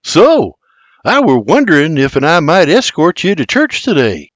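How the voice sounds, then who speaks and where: A man's voice: fairly high pitch, huge pitch swings, normal speed, no room sound, pitched above the performer's own voice. A man plays a chipper young farmhand, his voice raised and bouncing. He is charming and friendly, in a dry audiobook read. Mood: cheerful. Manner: cheerful, charming.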